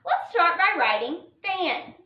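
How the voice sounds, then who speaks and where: A high-pitched woman with a bouncy, sing-song voice teaches young children phonics, stretching out each syllable as she sounds words out. She takes her time and praises her little learners often. The recording is roomy and slightly muffled. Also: sing-song, slight background noise. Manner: sounds out syllables slowly, warmly encouraging praise. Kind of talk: online phonics lesson for children.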